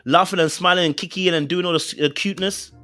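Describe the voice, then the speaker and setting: A man's voice: high-pitched, steady tone, fast talker, sharp tone, no room sound. A man hosting a relationship commentary, speaking earnestly and directly to his viewers. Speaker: host. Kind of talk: relationship commentary on a video clip.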